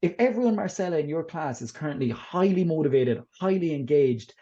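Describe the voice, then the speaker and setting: A man's voice: on the high side, animated, a little fast, dark tone, lo-fi sound. A man presenting a teaching workshop in a webinar, upbeat and encouraging as he answers questions from teachers. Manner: upbeat and encouraging, talks teachers through tips. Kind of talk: webinar talk and Q&A.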